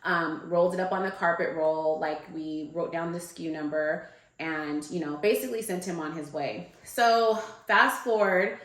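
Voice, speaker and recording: A woman with a lowish voice tells a story in a relaxed, rambling way, sprinkling in "like" and "um". Her voice rings with the echo of the room around her. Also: moderate pace. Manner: loose and chatty, full of "like" and "um". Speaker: guest. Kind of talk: casual storytelling. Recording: echoey room.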